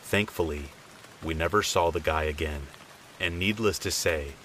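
A man telling a true scary story in calm, measured scripted narration, dropping low and quiet for the quoted lines. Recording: faint rain noise behind.

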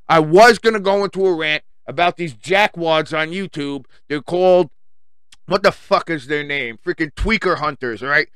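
Angry high-pitched man ranting. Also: clear, resonant tone, dry recording. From Africa. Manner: angry, swearing, loud outbursts. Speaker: solo commentary host. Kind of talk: profane rant.

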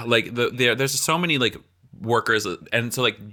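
A man with a bright, clear voice chats casually as a host. He swears easily and agrees with his guest often. His pitch sits in an ordinary middle range. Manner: casual, swears freely, quick agreeing backchannels. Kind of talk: casual conversational chat.

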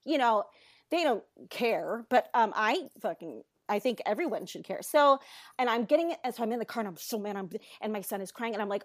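A woman in her thirties telling a story in casual chat, animated and exasperated, swearing and cutting herself off. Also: fairly high pitch, a little fast, no room sound, studio quality.

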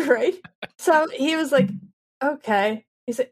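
A woman in her thirties on a casual podcast, telling a story with lively back-and-forth dialogue. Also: high voice, unhurried, husky. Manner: animated storyteller, acts out both sides of dialogue. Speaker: podcast co-host.

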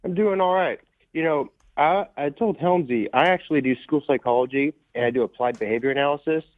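A man's voice: fairly high pitch, brisk, no echo. A man calling in to a radio show, explaining his work in a matter-of-fact way. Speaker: caller. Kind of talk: phone call to a radio show. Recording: tinny phone line.

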